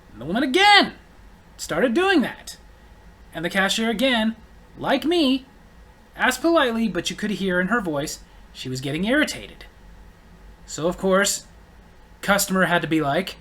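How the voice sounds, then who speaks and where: A man's voice: high voice, sing-song, moderate pace, long pauses, bright, forceful tone. A man tells a story in a casual, spoken rant. He sounds blunt and exasperated, and he leans hard on his complaints. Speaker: storyteller vlogger.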